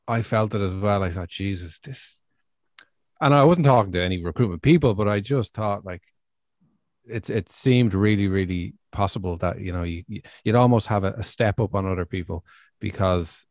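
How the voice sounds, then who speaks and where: An Irish podcast co-host with a somewhat low voice. He talks in a loose, unhurried way, pausing on fillers as he thinks. The recording is close and dry. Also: no room sound. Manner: relaxed, hesitant, with fillers. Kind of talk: casual podcast chat.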